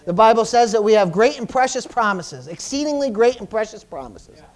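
Male preacher, very high voice, emphatic sermon, stammering restarts, call-and-response, church service. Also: expressive, brisk. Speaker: pastor.

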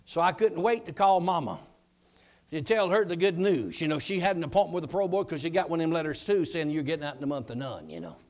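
A man preaching a testimony sermon, telling his story dramatically and shouting his declarations. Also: on the high side, animated, fast talker.

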